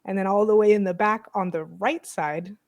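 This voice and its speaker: A woman's voice: medium pitch, normal speed. A woman co-hosting a podcast, telling a story with lots of laughter and acted-out quotes. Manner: animated storyteller, acts out quotes, laughs often. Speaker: podcast co-host. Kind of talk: casual chat.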